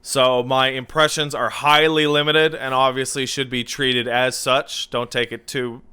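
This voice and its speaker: A man co-hosting a podcast, chatting casually in an animated, joking way with plenty of swearing. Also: mid-range voice, unhurried, clean tone. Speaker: podcast co-host.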